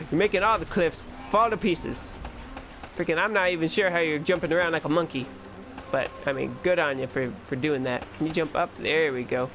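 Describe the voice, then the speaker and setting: A man's voice: fairly high pitch, noisy background. A young man giving casual, joking let's-play commentary and chatting to the game character. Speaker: gaming YouTuber.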